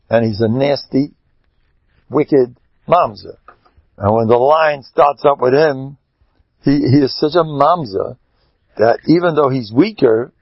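A man speaking as a rabbi in an animated Torah talk, emphatic, swinging between loud exclamations and low asides. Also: breathy edge, no room sound, highs cut off.

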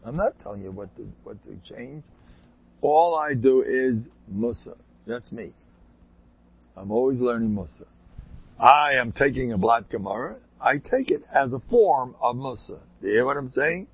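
A man with a rough, gravelly, husky voice tells long rambling anecdotes and breaks into emphatic bursts. The sound is dry and close. It is a dull, lo-fi recording. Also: mid-range voice, expressive, moderate pace, no echo. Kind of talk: casual spoken anecdotes.

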